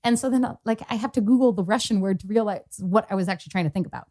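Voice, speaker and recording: A podcast co-host tells a personal story in casual chat, retelling past conversations with lots of fillers. Her voice is medium in pitch and dark in tone, and she races along.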